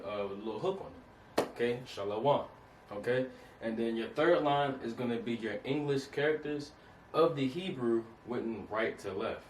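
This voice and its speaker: A man giving a casual lesson, often repeating himself and checking in with his listeners. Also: medium pitch. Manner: repeats points, checks in with "okay?" and "you understand that?". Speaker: teacher. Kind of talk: casual instructional talk. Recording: echoey room, distant mic, faint hiss.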